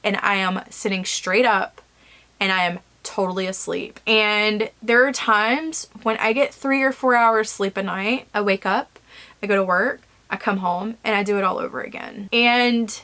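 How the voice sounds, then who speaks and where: Woman rambling candidly to her camera from a home office, lots of "like", middle pitch. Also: unhurried, sharp tone. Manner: frank, rambling, many fillers like "like". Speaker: self-published author. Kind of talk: candid vlog talk to camera.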